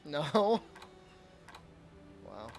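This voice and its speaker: A man's voice: a little high, very animated, drawn-out words, gravelly, over loud music. A man streaming a video game, chatting casually with his chat, answering questions and laughing often.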